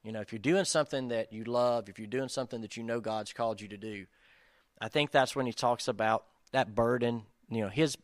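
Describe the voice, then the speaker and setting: Male preacher, conversational and self-deprecating, mid-pitched voice, dry close recording. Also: dry recording. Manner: casual, self-deprecating, addresses listeners as guys. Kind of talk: conversational sermon.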